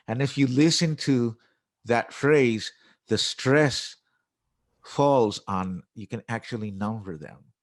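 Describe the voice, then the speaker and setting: Speaking slowly at a medium pitch, an English teacher who is also a musician describes how he teaches during a relaxed interview, performing classroom phrases as examples.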